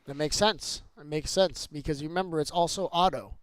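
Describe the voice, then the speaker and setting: A man's voice: a little high, moderate pace, clean tone, dry recording. A man streaming a building game, chatting casually with a friend and his viewers and easily getting sidetracked. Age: adult with kids. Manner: chatty, easily sidetracked, keeps greeting the chat. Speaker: Minecraft streamer. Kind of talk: casual livestream chat while gaming.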